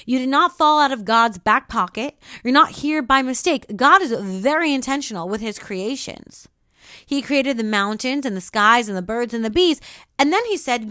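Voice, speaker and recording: Woman host, high and bright-toned, dry booth sound; preachy, emphatic motivational monologue. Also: animated, normal speed, no echo. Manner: repetitive, declarative affirmations. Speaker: podcast host.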